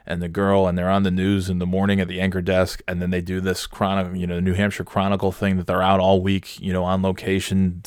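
A man's voice: low voice, monotone, a little fast, hardly any pauses, a little mellow, clean tone, dry recording, clean studio sound. A man hosting a podcast, rambling through a profane, sarcastic comedic rant. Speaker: podcast host.

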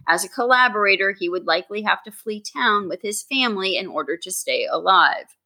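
Woman podcast co-host, bright tone, steady scripted true-crime read. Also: medium pitch, fairly quick, low-quality recording. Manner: reads from a script, steady narration.

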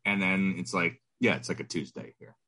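A man's voice: sits low, a little fast, pushed and bright, no room sound. A man co-hosting a podcast about fatherhood, telling stories in a laid-back, self-deprecating way. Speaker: podcast co-host. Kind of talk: casual chat.

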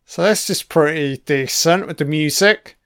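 A man's voice: fairly high pitch, measured pace, fairly bright tone, clear, resonant tone. A man giving a casual running commentary on a film. He swears constantly and makes wry, offhand remarks.

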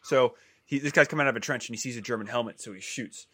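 Fast, bright-voiced man telling stories. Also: medium pitch. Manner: animated storyteller. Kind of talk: casual podcast chat.

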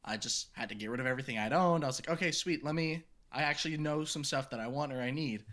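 Young guy in his twenties, bright and forward tone, easygoing, swears freely, rambles through anecdotes. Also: medium pitch, fast talker. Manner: loose, profane storytelling with lots of fillers. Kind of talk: casual chat.

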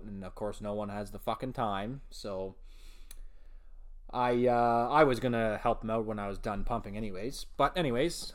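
A man from Ontario hosting a casual solo podcast, rambling and swearing, with sudden shouted outbursts. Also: medium pitch. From Ontario, Canada. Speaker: podcast host.

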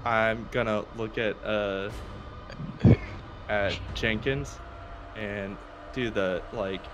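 A man playing a tabletop game, talking in a relaxed, hesitant way. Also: on the low side, very slow, loud music behind the voice. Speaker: player. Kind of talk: casual chat.

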